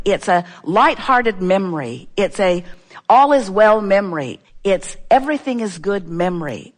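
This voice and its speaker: A woman giving a motivational seminar talk, speaking as a collective "we" in a playful, repetitive way. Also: mid-range voice. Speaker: inspirational speaker.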